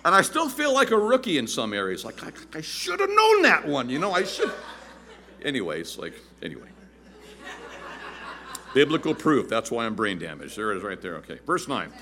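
A man in his fifties preaching a sermon as pastor, animated and joking, acting out quotes in a shrill voice. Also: normal speed, long pauses.

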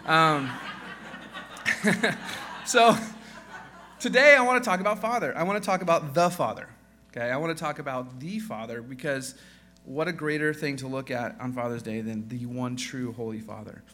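Bright-voiced man preaching a sermon. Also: normal speed, long pauses. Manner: casual, joking, with frequent fillers and restarts; quieter and lower in prayer. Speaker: guest pastor.

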